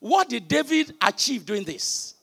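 A male preacher with a very high, gravelly voice delivers a sermon with forceful, tense energy. He fires rhetorical questions at his listeners and rises into shouted emphasis. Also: sing-song, a little slow.

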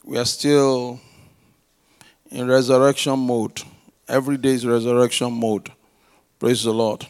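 A middle-aged male pastor preaching a sermon, praying aloud, calling for responses and telling stories with loud, emphatic swells. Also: medium pitch, level tone, measured pace, pauses often, clear, resonant tone. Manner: prays aloud and uses call-and-response with the congregation.

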